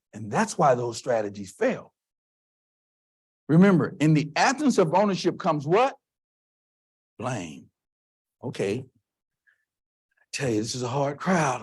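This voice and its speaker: A man from Texas giving a motivational keynote, telling stories in an emphatic, animated way. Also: a little high, breathy edge. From Texas, USA. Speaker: keynote speaker. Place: conference hall stage.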